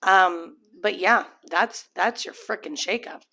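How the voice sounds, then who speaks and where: A woman's voice: medium pitch, takes it slowly, sharp tone. A woman giving a casual, rambling tarot reading to camera, full of restarts and fillers, sometimes acting out what people might be thinking. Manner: acts out imagined people's thoughts. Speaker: tarot reader.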